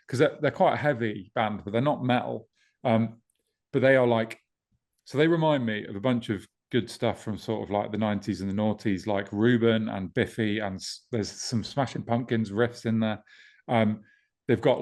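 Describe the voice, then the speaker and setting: A man co-hosting a podcast, talking in a relaxed, easygoing way, filling gaps with ums and swearing casually. His voice is fairly low. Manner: laid-back, swears casually, many ums. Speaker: podcast co-host, festival promoter. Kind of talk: casual chat.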